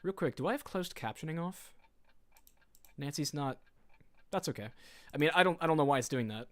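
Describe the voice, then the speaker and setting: A man's voice: on the high side, expressive, fairly quick. A man casually commenting while streaming a game, joking and reading in-game notes aloud.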